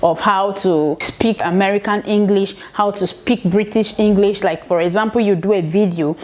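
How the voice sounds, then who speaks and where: A woman's voice: medium pitch, steady tone, normal speed, a little mellow. A Nigerian woman, a mother, chatting casually in a vlog as she gives business tips, rambling with conversational asides. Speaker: vlogger giving business tips.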